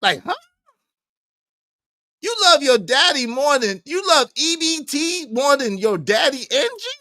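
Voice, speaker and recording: A man hosting a livestream, ranting in a heated, animated way and repeating his points. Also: extremely high pitch, moderate pace, no echo, studio quality. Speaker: livestream host.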